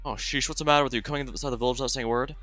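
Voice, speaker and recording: A man voicing a surly village farmer in a game story, gruff and blustering. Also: medium pitch, fairly even intonation, rapid-fire, fairly bright tone, close to an everyday voice. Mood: suspicious.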